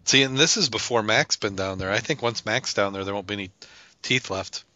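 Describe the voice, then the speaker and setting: Man, casual chat, joking asides, low, sharp forceful tone, muffled lo-fi call. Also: no echo. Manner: joking, quick laughing asides.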